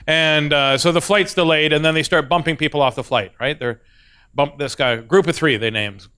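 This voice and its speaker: A man's voice: on the high side, moderate pace, pushed and bright, clean tone. A middle-aged man doing stand-up in front of an audience, telling a story in a self-mocking way and acting out the dialogue. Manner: self-deprecating, acts out dialogue, laughs at own jokes. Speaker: stand-up comedian. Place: stage before a live audience.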